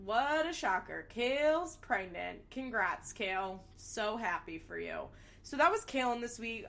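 A young woman with a mid-range, bright, forceful voice casually recaps a reality show. She's candid and sarcastic, swearing freely while gossiping about the cast.

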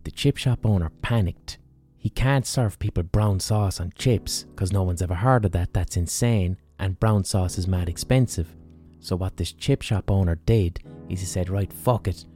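A man's voice: sits low, normal speed, mellow, soft background music. Man telling a sweary story. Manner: profane, jokey, acts out quotes. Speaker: podcast host. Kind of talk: casual storytelling.

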